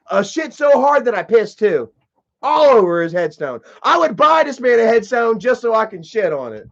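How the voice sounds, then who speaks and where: Male live streamer, high voice, aggressive profane rant, muffled low-fi stream audio. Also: very animated, unhurried, vocal fry, a bit bright.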